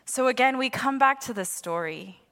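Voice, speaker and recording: A young woman preaching a sermon and telling a personal story in an animated way, acting out the voices of the people in it. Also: sits high, normal speed. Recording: long hall reverb.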